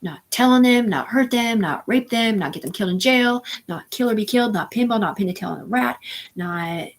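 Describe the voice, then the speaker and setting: A woman's voice: on the high side, animated, fairly quick. A woman hosting a live stream, talking in a rambling, profane monologue that jumps from topic to topic. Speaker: livestream host.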